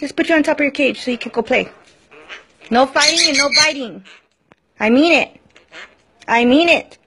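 A woman's voice: medium pitch, gravelly, noisy background. A woman filming her pet parrots at home, talking to them in sing-song baby talk. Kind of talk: casual talk to pet birds. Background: squawking parrots.

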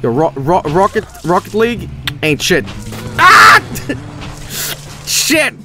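A man streaming a game, joking crudely and reacting with excitement. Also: fairly high pitch, slow pace. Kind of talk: live game commentary. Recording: game music behind.

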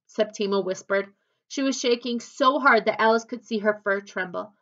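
Woman, storybook reader, expressive, unhurried, slightly high voice, lo-fi recording. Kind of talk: reading a children's novel aloud. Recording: dull lo-fi recording.

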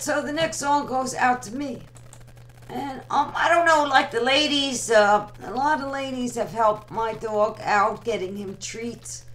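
A woman's voice: fairly high pitch, a bit bright, a little hiss or hum, poor audio. Rambling young woman hosting a live radio chat. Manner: rambling, teasing and bantering with listeners. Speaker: online radio show host. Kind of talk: casual live chat with listeners.

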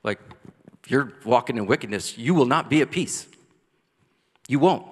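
A man's voice: mid-range voice, expressive, moderate pace, slightly rough. Passionate male pastor in a reverberant church. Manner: passionate preaching, builds to loud cries then drops soft. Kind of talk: sermon. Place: church sanctuary. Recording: long church hall reverb.

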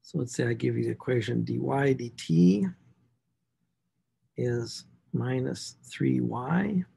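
A man with a medium-pitched, creaky, breathy-edged voice teaches a recorded math class. He talks his way through equations to himself while writing, putting animated stress on key words.

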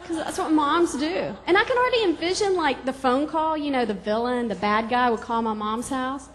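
A woman's voice: high-pitched, lively intonation, moderate pace, long reverb tail. A woman from Georgia doing stand-up comedy on a club stage, bubbly and giggly, chatty with the crowd.

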